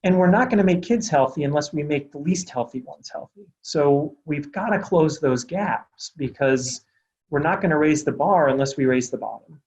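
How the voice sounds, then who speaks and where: A man's voice: fairly high pitch, normal speed. Earnest man, slightly muffled call audio. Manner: earnest, steady storytelling. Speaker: pediatric doctor, healthcare executive. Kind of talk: interview answer, personal story.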